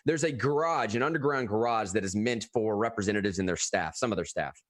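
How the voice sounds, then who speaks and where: Southern guy co-hosting a talk podcast, dry close mic, keeps restarting sentences, gets animated. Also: lowish voice, brisk, dry recording. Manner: animated, restarts phrases often. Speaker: podcast co-host. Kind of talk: casual political talk.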